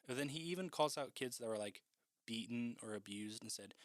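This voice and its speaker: A man's voice: medium pitch, lively intonation, a little fast, dry recording, studio quality. A man casually recapping a horror film in a chatty, profane way, with lots of "like".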